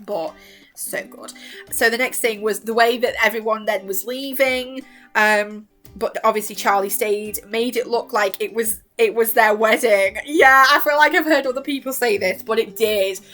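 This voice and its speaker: A young woman rambling excitedly as a vlogger, gushing and emotional, dropping into a soft voice to quote characters and breaking into squeals. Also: fairly high pitch, moderate pace, faint music behind. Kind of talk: excited fan rambling about a TV series.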